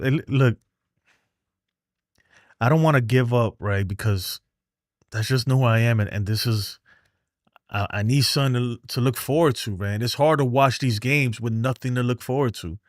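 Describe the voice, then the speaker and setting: A man's voice: medium pitch, no echo, studio quality. A man hosting a baseball fan show, ranting heatedly on a livestream and reading chat messages, exasperated, profane, and often repeating himself.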